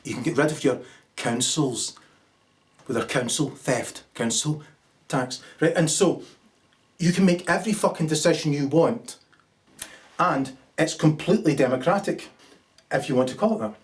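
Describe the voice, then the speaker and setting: Far from the mic, a political commentator with a fairly high voice delivers an angry, profane ranting monologue at a moderate pace. He pauses often, fills it with sarcastic asides, and acts out little scenes.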